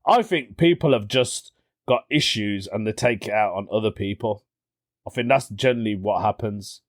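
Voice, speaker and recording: Speaking at a moderate pace in a fairly low voice, the young podcast host chats on his own show, laughing a lot as he tells casual stories peppered with British slang such as "innit". The recording is clean studio sound without echo.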